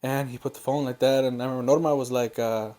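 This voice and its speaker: A young man hosting a podcast, recalling a painful family memory in a halting, emotional way. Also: mid-range voice, fairly even intonation. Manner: halting, emotional, soft-spoken. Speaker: podcast host. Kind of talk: emotional personal storytelling.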